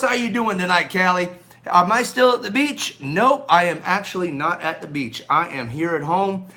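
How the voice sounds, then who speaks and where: Man, high bright voice, slightly scratchy throat, upbeat live stream host, chatty at home. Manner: upbeat, greets viewers by name, frequent ums and restarts. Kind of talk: casual live stream chat. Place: at home indoors. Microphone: phone on a gimbal.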